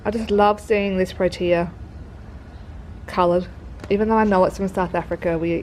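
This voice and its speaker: Recorded with a little hiss or hum and poor overall quality, this casual product walkthrough comes from a craft shop presenter at her work premises. She has a lowish voice and an Australian accent, says she is sick, and gushes chattily over each item in the kit, full of fillers.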